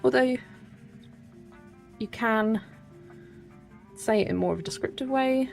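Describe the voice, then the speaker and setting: A woman's voice: fairly high pitch, unhurried, vocal fry, pauses often, a little mellow, faint music behind. A young British woman with a British accent, chatting casually and giggling while she colours on a livestream and reads out viewer comments. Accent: British English. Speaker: colouring channel host.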